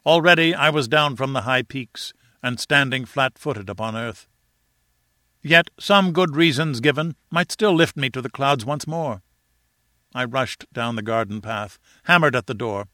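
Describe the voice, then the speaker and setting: A man narrates a classic adventure novel with an earnest, dramatic lilt. His voice is bright and forceful, and the recording is dry and close to the mic. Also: medium pitch, dry recording. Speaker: audiobook narrator. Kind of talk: first-person literary narration.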